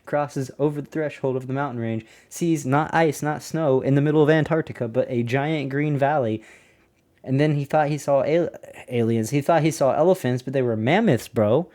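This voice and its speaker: A man hosting a casual podcast, reading a diary aloud and breaking off into animated, incredulous asides to his listeners. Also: medium pitch. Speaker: podcast host.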